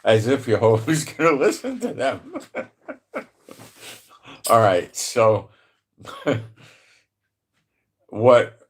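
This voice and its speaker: A man with a New York accent speaks slowly in a very low voice. He drifts from point to point in casual commentary, chuckling now and then, and stretches out scripture when he reads it aloud. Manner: rambling, chuckles often, reads verses slowly and deliberately. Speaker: Bible prophecy channel host. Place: home in Israel.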